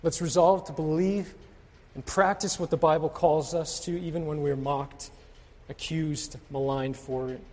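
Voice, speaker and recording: A man's voice: on the high side, steady tone, measured pace, a little mellow. Pastor guy preaching, earnest and pleading, says stuff twice, echoey sanctuary sound. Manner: earnest, exhorting, repeats key phrases. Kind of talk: sermon. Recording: reverberant hall.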